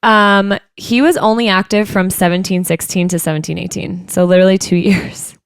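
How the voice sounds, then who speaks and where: A woman's voice: mid-range voice, fairly even intonation, normal speed, clean tone, no room sound, studio quality. A young woman co-hosting a casual podcast, easygoing and playful, drifting into tangents. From Tampa, Florida. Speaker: podcast co-host. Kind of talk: casual chat.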